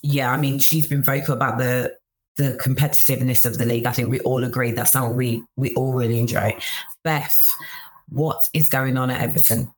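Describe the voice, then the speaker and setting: A woman's voice: rumbling low, little pitch movement, a little fast. A woman hosting a casual podcast, handing questions to her panelists by name in a friendly way. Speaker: podcast host. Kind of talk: casual chat.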